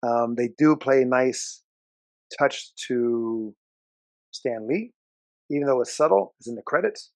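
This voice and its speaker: A man's voice: mid-range voice, a little slow, long pauses, a little mellow, no echo. A man co-hosting a casual movie review. He talks in a strong, opinionated and enthusiastic way and often restarts his sentences.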